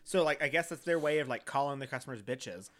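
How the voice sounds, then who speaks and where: A man's voice: mid-range voice, expressive, fast talker, a bit bright. A young man co-hosting a podcast, rambling casually with lots of fillers and swearing. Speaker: podcast co-host.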